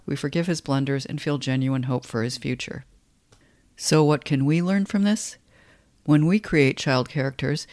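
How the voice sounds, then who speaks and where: Measured man explaining a novel. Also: on the high side, no room sound. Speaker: literature podcast host. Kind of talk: scripted literary commentary.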